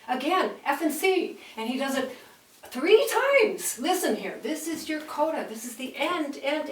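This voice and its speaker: Slow-talking woman teaching piano. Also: sits high, a bit bright. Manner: counts beats aloud while playing, enthusiastic. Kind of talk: piano lesson demonstration. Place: room with a piano. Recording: roomy, mic at a distance, piano playing.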